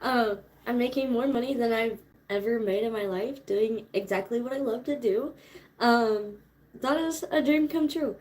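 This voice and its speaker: A woman's voice: fairly high pitch, moderate pace, darkish tone. A woman in her twenties chatting casually with viewers, laid-back and slangy, laughing often. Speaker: streamer. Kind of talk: casual chat.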